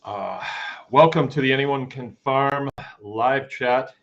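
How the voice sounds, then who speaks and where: A man's voice: mid-range voice, slow pace, gravelly, highs cut off. A man hosting a casual farming live chat from his farm, folksy and rambling as he greets viewers by name. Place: home farm.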